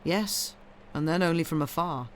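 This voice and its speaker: A woman's voice: low-pitched, normal speed, a little hiss or hum, natural voice. A woman voicing an ardent, impatient young man in a read-aloud story, urgent and pleading.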